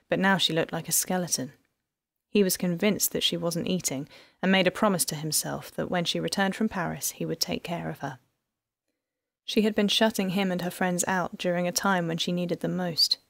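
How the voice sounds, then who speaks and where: A woman narrating an audiobook in an even, measured storytelling manner. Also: lowish voice, gravelly, no echo. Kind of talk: scripted narration.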